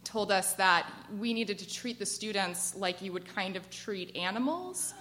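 An American woman in her twenties telling a personal story to a live audience, chatty and animated, with lots of "like" fillers. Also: medium pitch, a little slow. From United States. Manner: chatty and animated, frequent "like" fillers, laughs as she tells it. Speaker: storyteller at a work event.

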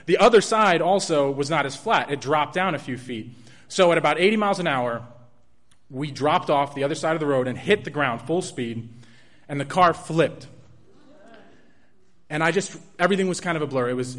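Man telling a personal story. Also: medium pitch. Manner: earnest, halting retelling with restarts and soft laughs.

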